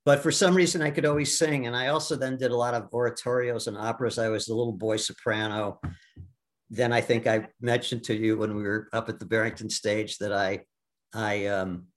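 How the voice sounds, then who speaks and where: A man in his seventies from the US Midwest, telling his life story as a guest in a casual interview, halting with many restarts and fillers. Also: fairly low pitch, steady tone. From Milwaukee, US Midwest. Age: 70s. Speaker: guest, stage actor.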